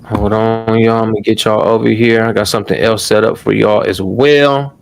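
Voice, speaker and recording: A man's voice: on the low side, fairly even intonation, moderate pace, creaky, slight background noise. A man hosting a casual live-stream tutorial, talking loosely to his audience, swearing now and then and calling them "y'all". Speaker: online course host.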